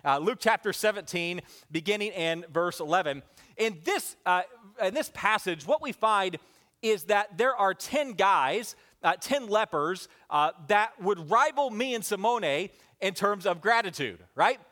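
A man preaching a sermon, swinging between loud calls and hushed lines, and asking the congregation to say the words with him. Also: sits high, lively intonation, a little slow. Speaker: pastor.

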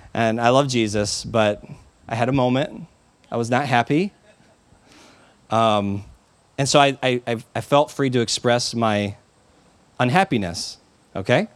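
A man's voice: mid-range voice, no room sound. Chatty pastor man preaching a sermon. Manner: conversational, animated storytelling with frequent asides.

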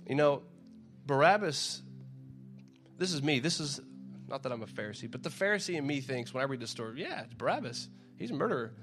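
Over soft background music, a man with a medium-pitched, lively voice preaches briskly in a casual, conversational style. He reads scripture aloud, repeats his words often, and acts out the shouts of a crowd.

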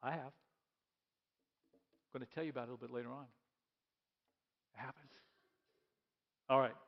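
A man preaching a sermon in a church, lively and repeating key lines as he leads the congregation in reading aloud. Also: mid-range voice, moderate pace, vocal fry, muffled recording. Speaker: pastor.

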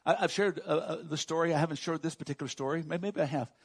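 An older man with a Texan accent preaching a sermon as pastor, folksy, swinging from soft asides to loud emphasis. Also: on the high side, quick pace, slightly rough.

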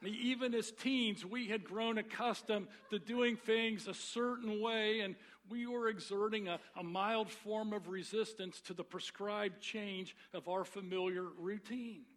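A man with a notably high voice preaches to his congregation. He is middle-aged and tells his stories earnestly, shifting into the voices of the people he quotes. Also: fairly even intonation, a little slow, hardly any pauses, a bit bright. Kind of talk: sermon.

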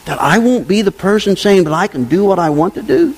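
A man preaching a sermon to his congregation, with conversational asides, dropping to low murmurs and rising to loud exclamations. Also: lively intonation, fairly quick. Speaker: pastor.

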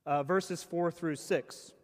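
A man's voice: fairly high pitch, fairly even intonation, takes it slowly. A man preaching a casual, conversational sermon, often restarting phrases and saying "like" as he goes. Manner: casual, chatty, many restarts and "like". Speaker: pastor. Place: church hall. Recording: long church reverb.

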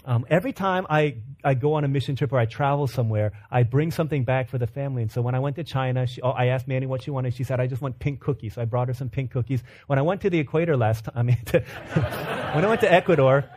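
A man in his thirties preaching a sermon, telling a family story with animated, humorous retellings. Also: mid-range voice, fast. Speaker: pastor.

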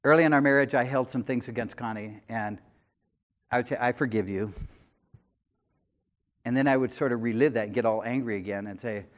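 A pastor in his sixties preaches an animated sermon, swinging between loud emphasis and quiet, conversational asides. He talks fast in a mid-range voice.

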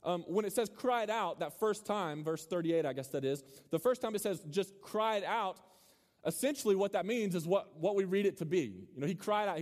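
A young man gives a relaxed, joking sermon and keeps tossing questions out to the room. His voice sits a little high for a man. A long reverb trails after each phrase in the big hall. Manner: casual, joking, quizzes the audience. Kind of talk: sermon to a student crowd. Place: large hall with a live audience.

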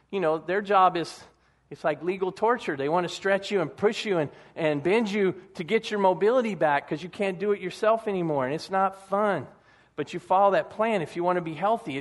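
A male pastor preaching a sermon in a conversational, animated storytelling manner. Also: a little high.

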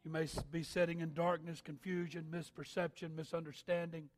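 A man preaching an altar call sermon, reading scripture and building to shouted, sing-song appeals. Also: on the high side, flat delivery, fairly quick. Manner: reads scripture in King James wording.

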